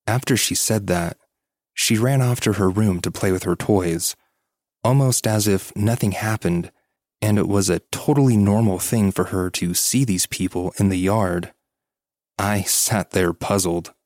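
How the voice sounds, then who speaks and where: Slow, deep-voiced male storyteller. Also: dry recording, clean studio sound. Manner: calm, measured storytelling. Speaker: podcast host reading listener stories. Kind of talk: scripted narration.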